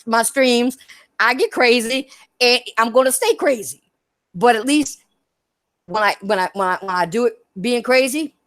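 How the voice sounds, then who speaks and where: A woman's voice: medium pitch, no echo. Blunt, laughing woman streamer ranting to chat. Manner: blunt, animated, profane, laughs often. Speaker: gaming streamer. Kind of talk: live-stream rant to chat.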